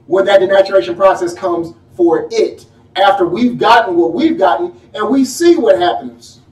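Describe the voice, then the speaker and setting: A man preaching a sermon in a folksy, animated way, firing off rhetorical questions at his congregation. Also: sits high, moderate pace. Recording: echoey room, mic at a distance.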